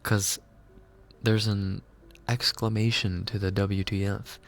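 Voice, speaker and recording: This livestream host is a man whose voice sits fairly low, with a level tone and a slow pace. He chats casually and reflectively, musing about himself as he reads chat messages aloud.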